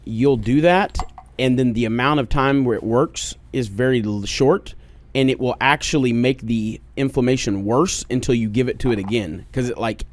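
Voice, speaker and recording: Here a man co-hosts a podcast at normal speed, his mid-range voice recorded dry through a studio mic. He jokes around, curses, and wanders off on tangents in casual back-and-forth.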